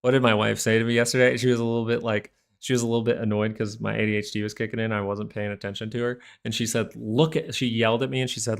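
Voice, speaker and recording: A man's voice: on the low side, flat delivery, fast, gravelly. A young man hosting a live stock market stream, rambling through casual chart commentary full of fillers and goofy asides.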